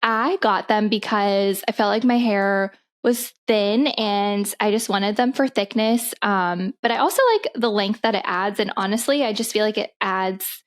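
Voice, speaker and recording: A woman's voice: medium pitch, a little slow, hardly any pauses. A young adult woman co-hosting a casual podcast, chatty and giggly as she reads out listener submissions. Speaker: podcast co-host. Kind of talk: casual chat.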